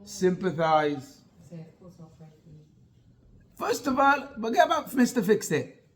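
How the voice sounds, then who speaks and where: A man's voice: sits high, slow. A man, a rabbi, teaching an interactive class and firing rhetorical questions at his listeners. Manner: animated, asks the class many rhetorical questions.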